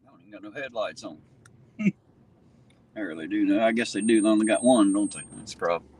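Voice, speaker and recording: Behind the wheel, an auditor who runs his own channel talks casually and mockingly, swearing and laughing a lot. His husky voice sits lowish and moves a little fast, and the low-quality recording is full of loud road noise from the moving car.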